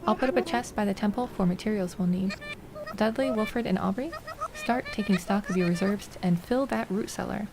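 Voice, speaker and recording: A woman's voice: medium pitch, brisk, gravelly, natural voice. A woman reading the lines of a young male village leader as he rallies his villagers in a commanding tone. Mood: rallying. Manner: rousing, commanding, reading game dialogue. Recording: noisy home recording.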